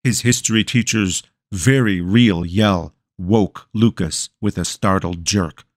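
A man's voice: low voice, slow pace, dry recording. A man narrating an audiobook in a wry storytelling manner on a close studio mic. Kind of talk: scripted narration.

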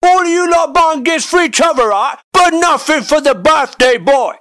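A man voicing a brash, crude, indignant Jesus as a laddish bloke, ranting and shouting in a comedy sketch. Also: very high-pitched, lively intonation, moderate pace. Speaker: comedy YouTuber.

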